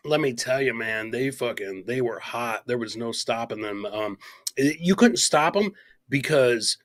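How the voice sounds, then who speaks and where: A man's voice: medium pitch, lively intonation, measured pace, dry recording. A man co-hosting a podcast, telling a story in a casual, profane way, laughing often and acting out the people he quotes. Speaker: podcast co-host.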